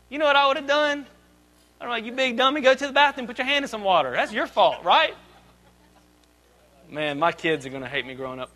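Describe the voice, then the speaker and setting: High bright-voiced male pastor preaching. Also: rough recording. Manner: lively preaching, swings between loud emphasis and soft asides. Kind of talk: sermon.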